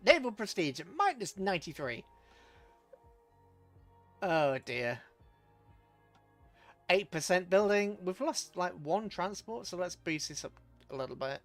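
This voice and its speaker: A man streaming a strategy game, talking in a fairly high, very lively voice. He chuckles and answers his chat in a loose, casual way. Faint music plays beneath him. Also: a little slow, long pauses, no echo. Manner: chatty, chuckling, talks to chat. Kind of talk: live gameplay commentary.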